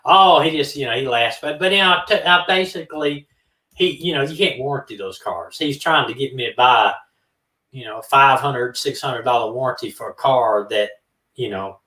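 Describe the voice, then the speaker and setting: A man co-hosting a true-crime live stream speaks at a moderate pace in a medium pitch, sounding roomy and off-mic. He tells a casual story in an animated way, acting out each side of a phone conversation.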